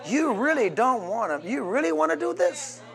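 A man preaching a sermon, reading scripture and rising into shouted call-and-response with the congregation. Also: very high voice, very animated, normal speed.

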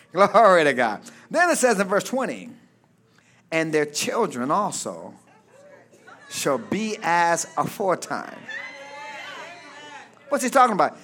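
A man pastor preaching a fervent sermon, reading scripture and calling for amens from the congregation, often shouting. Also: on the high side, sing-song, takes it slowly, long pauses. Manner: reads scripture aloud, then explains it.

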